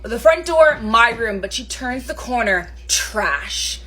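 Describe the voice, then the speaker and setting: A woman's voice: fairly high pitch, expressive, slow pace, sharp tone. A woman telling a storytime vlog in a chatty way, with plenty of "like" fillers. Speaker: vlogger.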